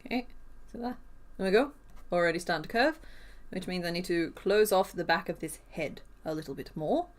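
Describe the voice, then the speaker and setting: A woman's voice: fairly low pitch, fairly quick. A woman chatting casually on a crochet live stream, counting stitches half under her breath and laughing easily. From Western Australia.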